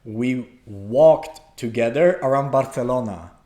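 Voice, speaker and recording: Speaking slowly in a mellow, medium-pitched voice, this young Polish man co-hosts a casual podcast. He spins out a long, wandering story, stumbling through fillers and starting over often.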